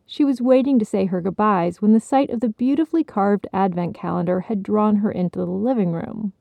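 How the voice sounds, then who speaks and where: Woman storyteller, measured read, gravelly and dark, dry close sound. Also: medium pitch, dry recording. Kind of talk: scripted story narration.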